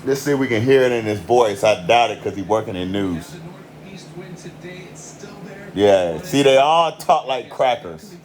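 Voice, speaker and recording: A man's voice: fairly low pitch, expressive, unhurried, long pauses. Heated, cussing man with a country accent. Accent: American country. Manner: heated, repetitive, swears constantly. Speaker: commentator. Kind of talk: profane monologue rant.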